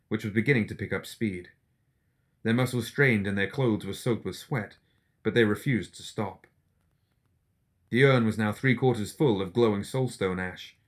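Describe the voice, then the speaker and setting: A man with a fairly low voice narrates a fantasy audiobook. He reads in a steady, even storytelling manner. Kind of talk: scripted fiction narration.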